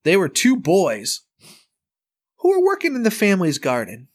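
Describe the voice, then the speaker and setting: Husky, lively-voiced man telling a story. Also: high voice, normal speed. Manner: jokey storytelling, dry asides. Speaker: podcast host telling the story. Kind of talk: casual podcast chat.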